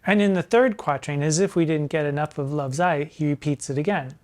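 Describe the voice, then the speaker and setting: A man in drag persona giving literary commentary on sonnets, arch and playful, slowing down to recite quoted lines with emphasis. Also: on the high side. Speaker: drag performer hosting a sonnet discussion.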